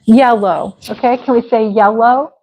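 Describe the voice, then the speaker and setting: An American woman teaching a live English pronunciation class, encouraging and sounding words out slowly. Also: a little high, steady tone, mellow, rough recording. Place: online class.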